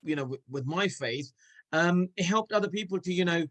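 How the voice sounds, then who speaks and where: A former cricketer, a man, chats casually as an interview guest, with a voice slightly higher than most men's. He speaks hesitantly, restarting often and filling gaps with fillers. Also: brisk, a bit bright, poor audio.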